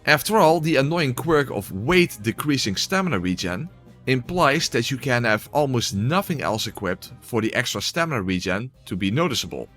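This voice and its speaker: A man's voice: medium pitch, big pitch swings, moderate pace, fairly bright tone, soft background music. A man giving casual gameplay commentary and voice-over narration, exclamatory, swearing, with wry asides.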